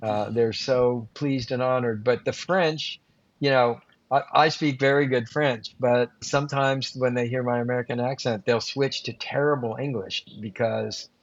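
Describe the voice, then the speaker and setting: A man of middle pitch tells stories with lively, animated detail. The sound is a little dull and muffled. The room around him is dry, with no echo. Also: moderate pace. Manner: animated, vivid storyteller. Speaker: podcast guest, grilling author. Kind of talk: anecdotal storytelling in an interview. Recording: slightly muffled dry recording.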